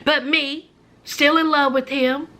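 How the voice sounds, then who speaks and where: A woman's voice: high-pitched, steady tone, slow, pushed and bright. A woman, telling a personal story in a vlog, dramatic and speaking straight to her viewers as friends, sometimes dropping to a whisper. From rural Virginia. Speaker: vlogger.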